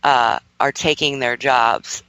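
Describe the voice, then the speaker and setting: A man co-hosting a casual radio show, lively and quick to laugh, explaining his points at length. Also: medium pitch, smooth, no echo, muffled recording. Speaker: co-host.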